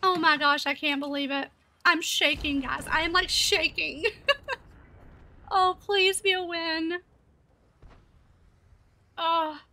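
A young woman live-streaming a game, chatting to viewers and talking excitedly, often laughing. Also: very high-pitched, takes it slowly, pauses often, a little hiss or hum. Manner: excited, laughing, breathless with joy. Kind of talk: live-streamed gameplay chat.

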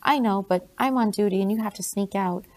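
A woman's voice: medium pitch, brisk, a little mellow, lightly acted. A woman doing an earnest young soldier. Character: young male British soldier, earnest and eager.

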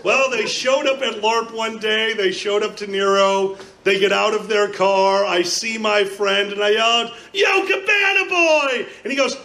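A man on a live convention comedy panel, telling an animated story with bursts of shouting. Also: sits high, moderate pace, poor audio. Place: convention panel room with audience. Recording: crowd noise from live audience.

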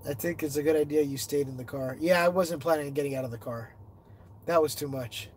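A man's voice: quick pace, a little hiss or hum. Congested man chatting on a livestream. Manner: reads viewer comments aloud and answers them; animated storytelling, rising in pitch when excited. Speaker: livestreaming explorer. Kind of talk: casual livestream chat.

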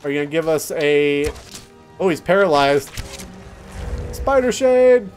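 A young man talks over his gameplay in a slow, unhurried way, his voice leaping high whenever something surprises him. The pitch sits a little high and moves a lot, with faint background music behind him. He comes across as casual and easily thrilled. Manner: excitable, yelps and laughs at surprises. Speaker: let's play host.

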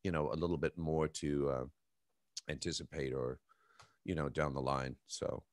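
A man's voice: a bass voice, moderate pace, no room sound. A man, a game voice actor, chatting casually and playfully on a fan panel. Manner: animated, playful, laughs often.

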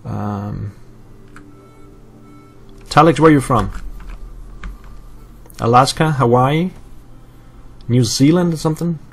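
A man's voice: medium pitch, slow pace, gravelly, pauses often, breathy edge, faint music behind. A man from Europe casually commenting on his gameplay, thinking aloud with fillers and answering live chat. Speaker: let's play host.

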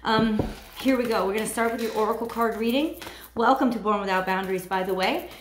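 A woman doing a weekly tarot card reading, talking in a halting way and searching for her words. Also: a little high, echoey room, slight background noise. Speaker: tarot reader.

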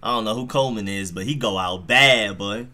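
A man hosting a live football reaction stream, talking straight to his chat in an excitable, slangy way. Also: on the low side, fairly quick.

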